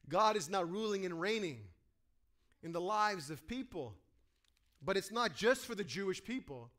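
A man preaching a sermon to a congregation, animated, acting out quoted voices and asking his listeners questions. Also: high voice, unhurried, long pauses. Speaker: pastor.

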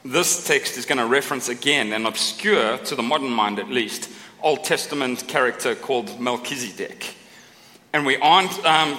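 A man's voice: fairly high pitch, bright, forceful tone. A middle-aged male pastor giving a sermon in a chatty, joking way, often tagging his points with a questioning "right?". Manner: conversational preaching, tags lines with a questioning "right?"; self-deprecating humour, asides to the congregation. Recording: long hall reverb.

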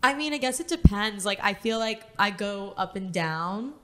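Young female co-host, bright voice, animated, teasing storyteller. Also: mid-range voice, moderate pace, a little hiss or hum. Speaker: podcast co-host. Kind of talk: casual chat.

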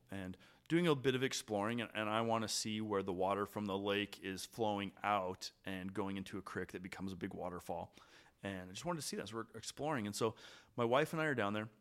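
A podcast host tells a story in a loose, conversational way. His voice sits a little low, and he trails off and restarts often as he goes. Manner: animated, trailing pauses and restarts. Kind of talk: casual storytelling chat.

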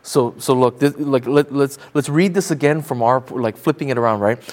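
A man's voice: medium pitch, normal speed, darkish tone. A man preaching a sermon as pastor, emphatic, repeating phrases and asking the congregation pointed rhetorical questions.

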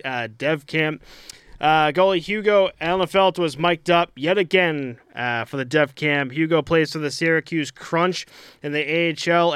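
A young man co-hosting a podcast in casual chat, animated, laughing and swearing often. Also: fairly high pitch, clear, resonant tone, dry recording. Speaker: podcast co-host.

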